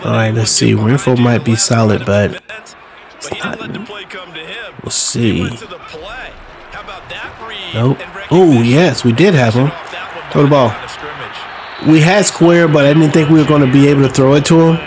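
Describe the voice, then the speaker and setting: Slow-talking man narrating his football game. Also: mid-range voice. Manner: relaxed, chatty, self-mocking with sudden excited outbursts. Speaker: podcast host playing a football video game. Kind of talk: casual play-by-play commentary while gaming. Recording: game crowd noise behind the voice. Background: stadium crowd sound from the game.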